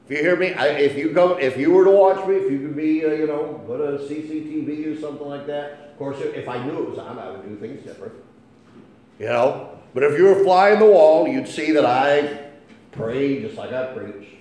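A man preaching a sermon with impassioned delivery, swinging between hushed and loud. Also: a little high, fairly quick. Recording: echoey room, faint hum.

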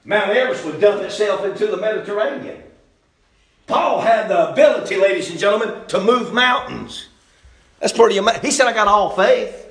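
A man preaching a sermon in a folksy, animated way that swings from loud bursts to low asides. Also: fairly quick, reverberant.

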